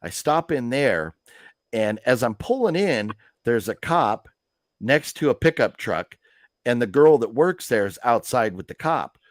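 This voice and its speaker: A man's voice: mid-range voice, very animated, unhurried, no echo, studio quality. A man hosting a live movie news stream, telling stories in a rambling, chatty way with lots of fillers. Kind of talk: casual chat.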